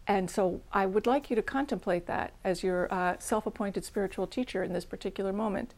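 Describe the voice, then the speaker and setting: A woman's voice: medium pitch, moderate pace, few pauses, darkish tone. A middle-aged woman teaching meditation, giving a frank, plain-spoken dharma talk and guided practice with a self-deprecating edge.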